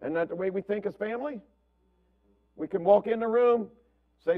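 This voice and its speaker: A man's voice: high voice, normal speed, dull audio. A man preaching a conversational sermon as pastor, repeating words and checking in with "right?". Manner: asks "right?" constantly, repeats words, acts out family quotes.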